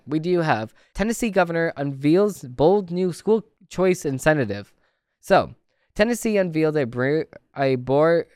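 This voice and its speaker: Smooth-voiced man reading political news. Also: fairly high pitch, darkish tone, dry recording, studio quality. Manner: opinionated, conversational asides between read passages; stumbles and restarts words when reading. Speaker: podcast host. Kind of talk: reading news articles aloud with political commentary.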